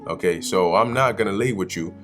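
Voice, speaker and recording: A man's voice: low voice, a little fast, faint music behind. A man giving a casual, slangy Bible study commentary, often acting out the characters. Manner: animated, slangy, acts out characters. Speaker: Bible teacher.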